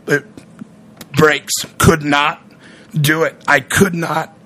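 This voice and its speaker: Bright-voiced man rambling through a story. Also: a little high, little pitch movement, slow pace. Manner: rambling, acts out quoted voices. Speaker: radio personality. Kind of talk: casual storytelling.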